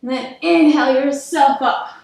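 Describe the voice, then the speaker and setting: A woman's voice: high-pitched, steady tone, normal speed, vocal fry, a little mellow, recorded from a distance. A woman yoga instructor guiding a workout class, encouraging and counting down reps. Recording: echoey room, voice from off-mic.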